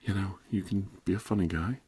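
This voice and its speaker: A middle-aged man in a whispered role-play as a therapist, drifting between soft whispers and a relaxed speaking voice in a rambling, casual way. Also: low-pitched, a little fast, breathy edge.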